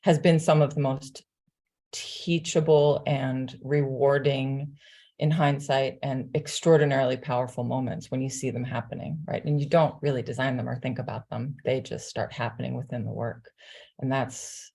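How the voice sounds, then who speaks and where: Brief: woman panelist, deep and mellow voice, thoughtful and halting, over a video call. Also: fairly even intonation, gravelly. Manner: halting, searching for words, frequent "you know". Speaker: designer on a panel. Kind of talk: reflective panel discussion.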